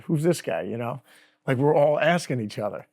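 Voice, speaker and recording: Middle-aged man, relaxed anecdote teller, easy laughs. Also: medium pitch, normal speed. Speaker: guest guitarist. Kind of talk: casual storytelling.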